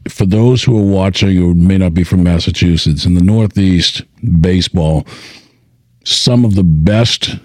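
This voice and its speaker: Male host, deep and mellow, dry close sound, explanatory. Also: dry recording. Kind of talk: casual chat.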